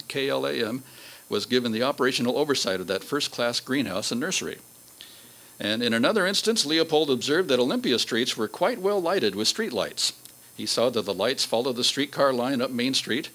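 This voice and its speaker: A man giving a local history talk, reading old newspaper quotes aloud in a measured way with fillers. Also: medium pitch, a bit bright, poor audio.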